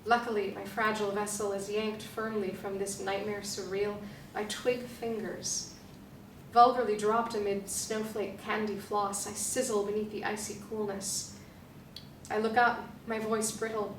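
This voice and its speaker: A woman reads a novel excerpt dramatically, phrasing slowly and deliberately, with a flat, even pitch. Her voice sits far from the mic in an echoey room. A faint hum runs underneath. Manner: slow, deliberate phrasing with pauses. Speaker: performer reading a novel excerpt. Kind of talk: dramatic literary reading.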